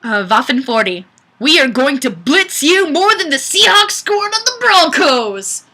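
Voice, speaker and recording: A woman's voice: high-pitched, sing-song, unhurried, pushed and bright. A woman hosting a webcam livestream, reading viewer comments in a chatty, self-deprecating way. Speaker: livestream host. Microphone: webcam mic.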